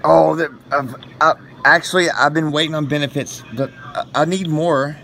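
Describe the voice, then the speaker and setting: A man prank-calling phone scammers, talking in crude, profane, deliberately absurd rambles. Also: on the high side, steady tone, vocal fry, bright, forceful tone, slight background noise. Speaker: prank caller baiting scammers. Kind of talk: casual phone prank banter.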